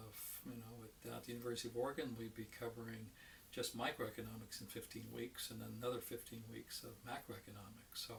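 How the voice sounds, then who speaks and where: Chatty male professor, gravelly and bright. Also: mid-range voice, recorded from a distance, slight background noise. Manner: chatty and folksy, tells jokes with acted quotes; loose, with many fillers and restarts. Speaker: economics professor. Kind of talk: informal online lecture.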